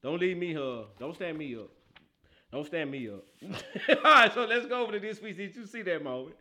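A man hosting a casual football podcast, talking in animated, slangy banter and laughing often. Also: high voice, normal speed. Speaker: podcast host. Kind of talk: casual football talk show.

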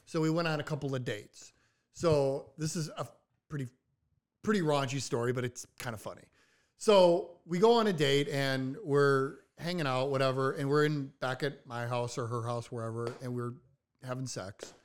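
A man's voice: mid-range voice, moderate pace, clear, resonant tone. A man telling a story in casual podcast chat, acting out quotes with a raised voice. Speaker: podcast co-host.

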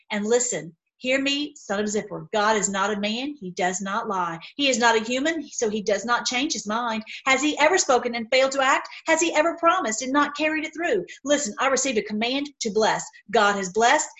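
A woman's voice: on the high side, fairly bright tone, low-quality recording. A woman reading Bible passages aloud and breaking off into fervent, rambling commentary. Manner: fervent, rambling asides, says y'all. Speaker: online Bible teacher.

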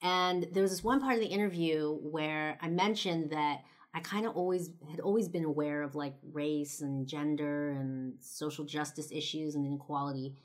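A woman's voice: deep voice, fairly even intonation, moderate pace, few pauses. A woman in her twenties telling a personal story in a casual, chatty way, with lots of fillers and some swearing. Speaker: podcast and video host.

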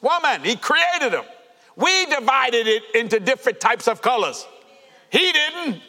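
Fiery high-voiced preacher. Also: male voice, very animated, unhurried. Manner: fervent preaching with shouts and laughter. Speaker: pastor. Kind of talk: sermon. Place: church sanctuary. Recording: reverberant church hall.

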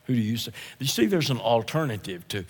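Emphatic husky-voiced male preacher. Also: medium pitch, very animated, fast talker, in a large hall. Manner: emphatic, repeats phrases, swings from loud to hushed; clears throat often. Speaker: guest preacher. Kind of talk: sermon.

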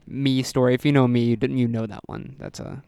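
A man's voice: medium pitch, brisk, clean tone, dry recording, studio quality. A young man on a podcast, telling a story casually and acting out what people said, laughing at himself. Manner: animated, acts out quotes, laughs at himself. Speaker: podcast co-host.

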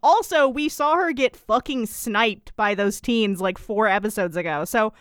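A woman's voice: a little high, smooth, no echo, studio quality. A woman co-hosting a casual TV recap podcast, retelling scenes sarcastically. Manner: sarcastic, fast-talking storyteller. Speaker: podcast co-host.

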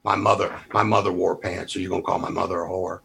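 A man's voice: sits low, little pitch movement, quick pace, creaky, bright, forceful tone. A middle-aged pastor, arguing his case in a fervent, folksy preaching cadence. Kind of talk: heated debate.

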